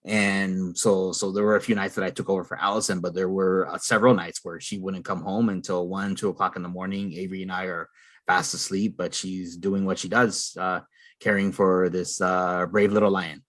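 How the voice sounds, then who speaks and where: A man's voice: deep voice, little pitch movement, moderate pace, fairly bright tone. A man hosting a podcast in a casual, affirming way, often repeating words and saying uh. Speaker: podcast host. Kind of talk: casual conversation.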